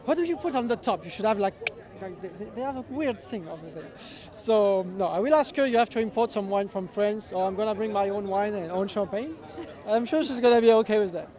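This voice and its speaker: Give me an animated man joking in second-language English at an outdoor premiere, high voice. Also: brisk. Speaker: cast member. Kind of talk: casual red carpet chat. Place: outdoor red carpet premiere.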